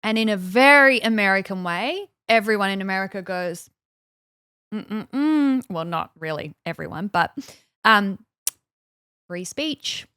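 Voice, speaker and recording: A woman co-hosting a podcast in casual conversation, telling a story with plenty of fillers and quick acted-out quotes. Her voice sits at an ordinary pitch and sounds close and dry, with no room around it. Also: bright, forceful tone, smooth, no echo. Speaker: podcast co-host. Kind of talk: casual chat, recounting events.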